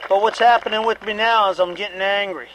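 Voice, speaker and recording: A man's voice: high voice, steady tone, a little fast, a bit bright, slight background noise, poor audio. A middle-aged man giving a candid, repetitive personal testimony at a recovery meeting, with occasional profanity.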